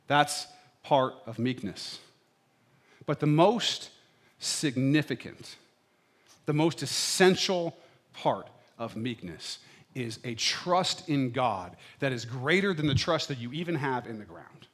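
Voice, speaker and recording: With a mid-range voice and lively intonation, a middle-aged pastor preaches slowly. His sermon is conversational and full of playful asides, and he keeps checking in with the congregation with "right?"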